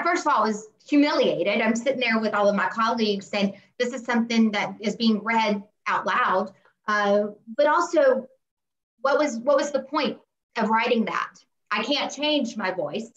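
A woman's voice: on the high side, normal speed, fairly bright tone, roomy sound, muffled recording. An American woman, a historian and tour manager, speaking earnestly and candidly in a panel discussion over a video call. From United States. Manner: earnest, candid, with frequent restarts.

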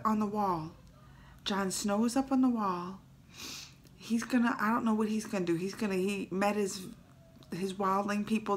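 Reaction-vlog host, woman, gravelly creaky voice, animated and teary storytelling. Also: medium pitch, slight background noise. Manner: excitable, emotional storytelling with dialect phrases. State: emotional, teary. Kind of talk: casual reaction recap.

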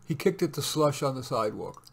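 A man's voice: medium pitch, big pitch swings, brisk, creaky, husky. Man reading a short story aloud. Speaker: reader.

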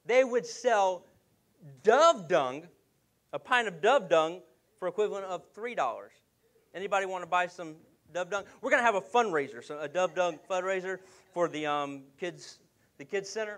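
Lively, animated pastor preaching a sermon. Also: male voice, on the high side. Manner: lively storytelling with jokes and acted voices.

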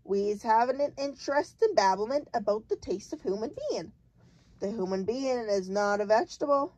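BFG, woman doing a booming giant. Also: lively intonation, normal speed, darkish tone, dry recording. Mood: stern. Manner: jumbled grammar, booming and emphatic. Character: big friendly male giant, muddled, kindly.

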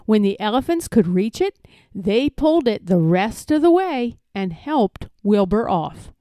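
Brief: a woman narrating a picture book, slow and expressive, dry close sound. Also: medium pitch, dry recording. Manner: expressive, gentle storytelling. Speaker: storybook reader. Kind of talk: children's picture book read-aloud.

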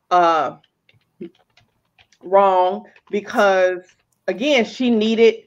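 A woman with a somewhat high voice gives an animated, emphatic and profane movie review in casual chat. The audio is a little dull and lo-fi, as if from a live video call. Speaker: podcast co-host.

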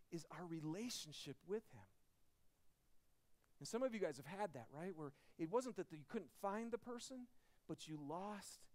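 A man in his thirties preaching a Christmas sermon in a church, telling a personal story with animated swings between loud, excited passages and hushed, quiet ones. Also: high voice. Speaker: pastor.

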